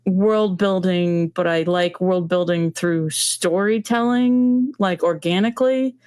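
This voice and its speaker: A woman talks about her comics in a relaxed interview. She speaks a little lower than most women and has a smooth, clear tone, recorded close and dry. She hesitates often and fills her pauses with ums. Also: dry recording. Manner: hesitant, many ums, explains steadily. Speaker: comic book creator, guest. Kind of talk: casual interview talk.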